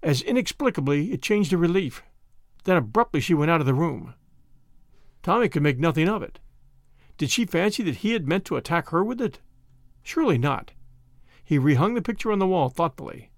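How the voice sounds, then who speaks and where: A man narrating a mystery novel as an audiobook, with expressive storytelling. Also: a little high, fairly quick, pauses often, no room sound, studio quality.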